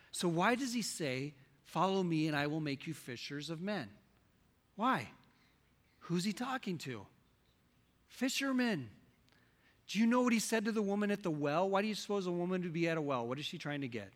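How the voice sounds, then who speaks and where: A man preaching a sermon to his congregation, questioning them directly and swinging between loud and soft delivery. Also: sits high, animated, moderate pace, in a large hall. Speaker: pastor.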